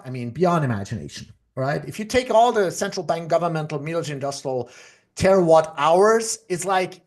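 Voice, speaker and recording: A man hosting a livestream podcast, ranting heatedly and swearing often, with many restarts and trailing asides. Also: high-pitched. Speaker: podcast host.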